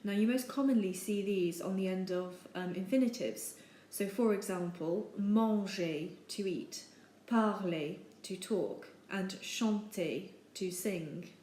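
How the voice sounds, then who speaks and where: A woman teaching over slides, with a steady, patient delivery and frequent ums. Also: medium pitch, slow pace. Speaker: French teacher. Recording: echoey room with faint noise.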